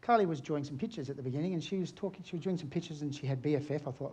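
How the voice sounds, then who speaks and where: A man's voice: a little high, rapid-fire, few pauses, a little mellow, slightly rough. A middle-aged man from Australia, an aerial photographer giving a chatty, anecdotal conference talk and asking his audience questions.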